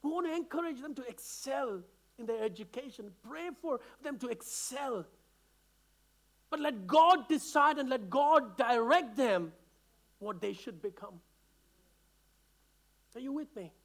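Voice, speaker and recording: An impassioned male pastor from India preaches to his congregation in a very high voice. He speaks earnestly, repeating and restarting phrases as he presses his point, sounding openly emotional. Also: lively intonation, measured pace, long pauses, fairly bright tone. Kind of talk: sermon.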